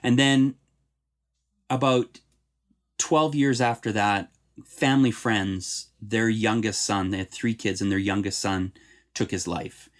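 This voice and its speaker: A middle-aged man from Canada, a playwright, speaking earnestly and with feeling in a podcast interview, and growing animated when he talks about laughter and tears. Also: fairly low pitch, slow, pauses often. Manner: earnest, heartfelt storytelling.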